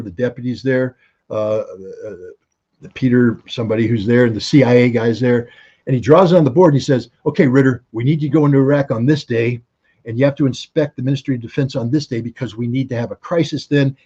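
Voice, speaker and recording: A husky, dark-toned middle-aged man from the United States, a former weapons inspector telling stories in an interview. He brings the anecdotes to life by voicing the other people in them. The audio is a little dull and lo-fi. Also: mid-range voice. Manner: animated anecdotes, acting out quoted dialogue. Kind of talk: interview storytelling.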